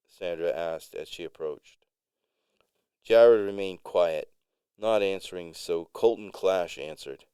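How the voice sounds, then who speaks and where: Deep slow-reading male narrator. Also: warm tone, clear, resonant tone, dry recording. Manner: measured, unhurried. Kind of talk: storytelling narration.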